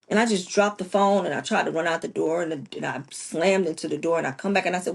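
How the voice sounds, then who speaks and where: A woman's voice: on the low side, normal speed, creaky, husky. A woman, hosting a podcast and telling a personal story with emotion, acting out the voices of the people in it. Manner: emotional, acts out quoted voices. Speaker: podcast host.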